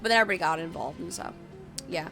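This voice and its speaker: A woman's voice: lowish voice, racing, vocal fry, sharp tone, soft background music. A woman in her late twenties rambling casually on a live stream, reading out chat messages and answering them. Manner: rambling, chatty, reads chat aloud.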